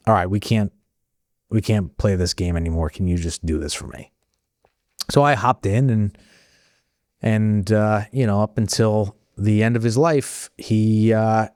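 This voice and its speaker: A man telling personal stories as a podcast guest, conversational and animated, jumping higher when he acts out dialogue. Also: dry recording, clean studio sound. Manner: animated when acting out dialogue, frequent restarts. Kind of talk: conversational storytelling.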